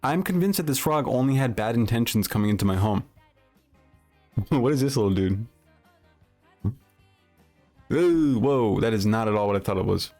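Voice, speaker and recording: A man's voice: mid-range voice, expressive, moderate pace, long pauses, darkish tone, faint music behind. A man livestreaming, chatting loosely with his viewers and telling a rambling, swear-laden story full of restarts. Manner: rambling anecdote with profanity and frequent restarts. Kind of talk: casual livestream chat, reacting to chat.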